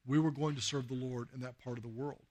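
A man's voice: mid-range voice, fairly even intonation, fast talker, a little mellow. Conversational male preacher telling stories. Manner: anecdotal, conversational, with frequent fillers and acted quotes. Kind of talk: sermon with storytelling.

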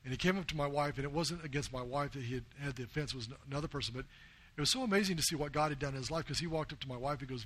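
A man's voice: medium pitch, rapid-fire, fairly bright tone. A man from the United States preaching a sermon as a missionary, telling earnest stories and quoting people in his own plain voice.

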